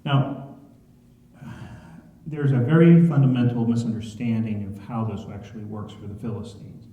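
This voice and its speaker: A man's voice: medium pitch, steady tone, normal speed. A man leading a church Bible study in a conversational way, often asking the congregation questions. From Ohio. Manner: conversational, asks the room questions. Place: church sanctuary. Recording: echoey church hall, dull sound.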